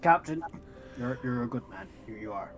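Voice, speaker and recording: A man's voice: mid-range voice, faint music behind, close to an everyday voice. A man doing an officious ship inspector. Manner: officious, quick clipped rules talk. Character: bureaucratic male ship inspector, stern yet lenient.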